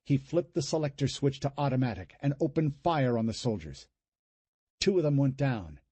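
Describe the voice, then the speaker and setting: A man reads a horror audiobook with a dark, husky voice whose pitch rises and falls a lot. The reading is dramatic and recorded dry and close, with no room sound. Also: animated, moderate pace, no echo. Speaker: audiobook narrator. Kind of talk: scripted horror narration.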